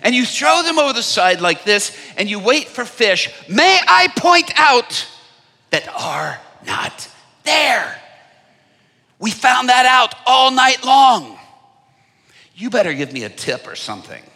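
A man's voice: very high voice, slow, big-room sound, pitched above the performer's own voice, full character voice. A man doing a sarcastic weary fisherman. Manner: deadpan, sarcastic.

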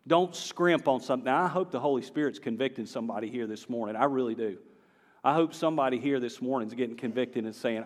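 Southern man preaching in an echoey hall. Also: medium pitch. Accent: Southern American. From American South. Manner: folksy, conversational preaching with rising emphatic bursts. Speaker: pastor. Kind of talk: sermon. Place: church sanctuary. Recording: reverberant church hall with faint guitar.

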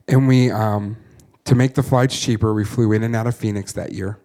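A man's voice: lowish voice, fairly even intonation, normal speed, warm tone. A man in his thirties, a missionary, telling a personal testimony in an earnest way and often laughing at himself. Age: 30s.

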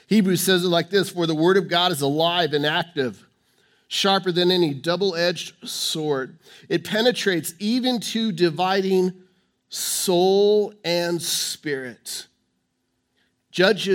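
A man preaching from the pulpit in an emphatic, repetitive way, hammering the same phrase over and over. His voice sits a little above the usual pitch for a man, and he stumbles and restarts as he goes. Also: fairly bright tone. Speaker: pastor. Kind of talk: sermon. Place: church.

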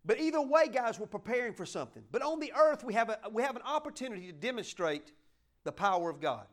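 A man's voice: very high voice, sing-song, fast talker. A man preaching a folksy sermon, joking with his congregation and asking them to help him along. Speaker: pastor.

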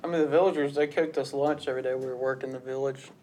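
A man's voice: mid-range voice, steady tone, fast, darkish tone, slight background noise. A man, a guest, telling stories from a mission trip in a casual, plainspoken way, laughing often. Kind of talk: casual conversation.

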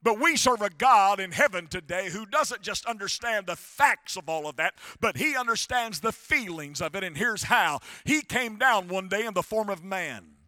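High-voiced preacher in full sermon. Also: male voice, lively intonation, moderate pace, few pauses, dry recording, clean studio sound. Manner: rising to shouted crescendos, storytelling. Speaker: pastor. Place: church.

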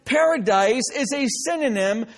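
High-voiced emphatic male pastor. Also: expressive, normal speed, vocal fry. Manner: emphatic, repeats "listen" for emphasis, joking asides. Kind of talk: sermon.

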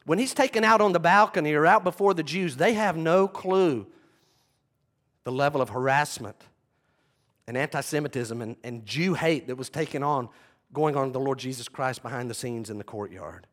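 A man's voice: medium pitch, normal speed, fairly bright tone. A man preaching a sermon, retelling scenes dramatically and acting out the voices of the people in them. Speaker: pastor.

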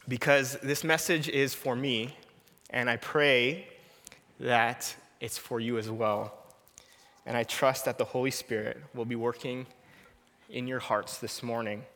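A man's voice: medium pitch, fairly even intonation, takes it slowly, pauses often, a bit bright, big-room sound. A man in his thirties preaching an earnest, personal sermon, often repeating a short prayer.

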